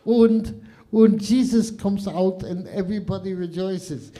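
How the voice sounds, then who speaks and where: A man's voice: high-pitched, unhurried, warm tone, pitched above the performer's own voice. A man doing an earnest explainer.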